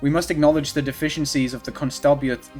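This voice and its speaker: Lofty aristocratic prosecutor, formal and haughty, read by a man, fairly high voice, faint game music. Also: steady tone, fast, a little mellow, lightly acted.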